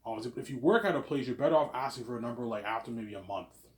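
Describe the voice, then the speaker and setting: Man, 30s, casual rambling vlogger, mid pitch, filler-heavy, echoey room. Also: fast talker. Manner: repeats "obviously" and "man", chatty and self-assured. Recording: roomy echo.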